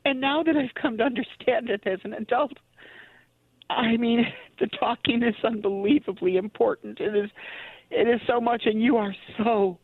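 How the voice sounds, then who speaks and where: A woman's voice: fairly high pitch, steady tone, normal speed, slightly rough, no echo. A woman calls in to a radio show, speaking emotionally and gushingly with frequent laughter. Her voice comes through dry and dull, like a phone line. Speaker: caller. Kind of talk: call-in radio chat.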